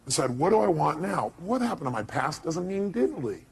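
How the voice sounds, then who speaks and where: A man's voice: a little high, big pitch swings, a little fast, gravelly, husky. A man giving a motivational speech to a live audience, emphatic and firing rhetorical questions at the crowd. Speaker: motivational speaker.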